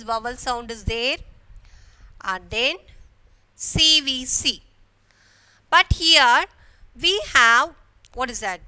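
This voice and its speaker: A woman with an Indian English accent teaches a grammar lesson to schoolchildren at an unhurried pace. Her voice sits high, bright and smooth. She keeps asking the class questions and filling the gaps with "okay". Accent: Indian English, from Kerala. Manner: slow, repetitive explaining with frequent "okay" and rhetorical questions.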